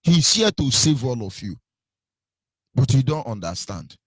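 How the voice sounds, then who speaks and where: A man's voice: mid-range voice, sing-song, a little slow, fairly bright tone, husky, dry recording. A man giving impassioned radio commentary, hammering home repeated rhetorical questions.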